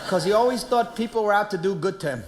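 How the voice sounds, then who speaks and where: A brash New man works a theater crowd in a one-man comedy show, talking streetwise and animated. The stage sound is roomy, with noise all around him. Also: high voice, fast. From Queens, New York. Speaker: comedian and actor.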